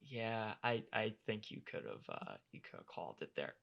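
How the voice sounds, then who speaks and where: A young man co-hosting a casual podcast chat rants in animated exasperation, swearing freely. His voice is lowish, unhurried, and creaky, with the highs cut off.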